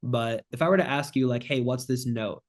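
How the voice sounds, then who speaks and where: Man, podcast guest, sales closing expert, direct, joking, mid-pitched voice. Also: fairly quick. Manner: direct, joking, acts out phone lines. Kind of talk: casual podcast chat.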